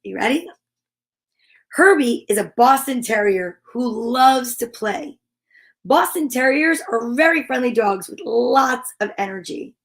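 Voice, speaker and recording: A woman with a high, bouncing voice hosts a kids' story time, taking her time as she reads picture books. She breaks off for playful, chatty asides and throws in animal noises. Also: lively intonation, unhurried. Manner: imitates animal sounds. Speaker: children's story time host. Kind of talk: reading picture books aloud.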